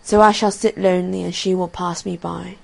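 A woman's voice: on the low side, level tone, a little fast, gravelly. A woman reading aloud and voicing a sorrowful, lovesick young male student in a plaintive, dreamy tone. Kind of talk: storybook reading.

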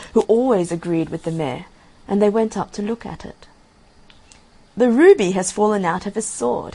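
A woman reading a fairy tale aloud in a gentle, measured way, giving the characters' lines softly. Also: mid-range voice, low-quality recording. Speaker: storyteller. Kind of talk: storybook reading.

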